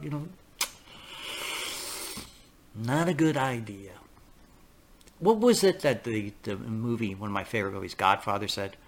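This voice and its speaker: A man's voice: medium pitch, expressive, moderate pace, long pauses. Rambling male podcast host. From New York area. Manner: rambling, repeats himself, acts out quoted voices. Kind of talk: casual monologue.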